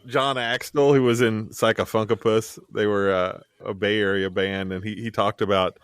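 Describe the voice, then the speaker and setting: Low-voiced, relaxed male podcast co-host. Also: normal speed, clean tone, dry recording. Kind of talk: casual chat.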